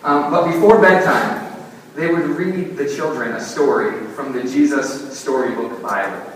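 Pastor preaching in an echoey hall. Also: male voice, mid-range voice, a little slow, recorded from a distance, slight background noise. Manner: animated, self-mocking storyteller. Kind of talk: sermon with storytelling. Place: church sanctuary. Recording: echoey church hall, mic from afar.

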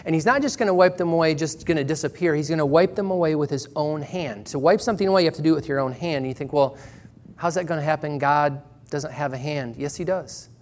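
A man preaching a sermon in church, earnest and measured, slowing down and pausing for emphasis. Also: on the high side, darkish tone, slight background noise. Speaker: pastor.

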